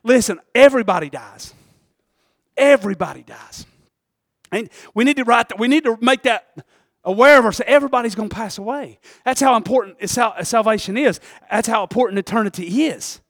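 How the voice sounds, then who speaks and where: A male pastor preaching a sermon in a repetitive, conversational way, swinging between loud exclamations and hushed, low asides. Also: animated, a little fast, dry recording, studio quality.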